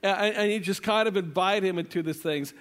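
Male pastor, high voice, relaxed and chatty sermon with playful asides. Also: brisk. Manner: conversational, playful preaching with asides.

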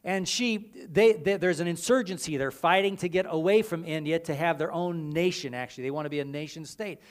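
A male preacher with a fairly high voice delivers an animated sermon full of stories. He leans on repeated phrases for emphasis and often restarts mid-sentence, rising and falling in intensity as he goes. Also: fairly quick. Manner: animated storytelling with emphatic repetitions and frequent restarts. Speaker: preacher and missions leader.

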